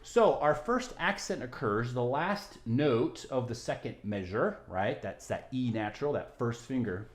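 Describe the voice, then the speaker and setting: A man's voice: mid-range voice, lively intonation, a little slow, few pauses. A man teaching violin, explaining rhythm and bowing patiently step by step, often checking in with "right?". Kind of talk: music tutorial. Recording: roomy echo with violin. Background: violin playing.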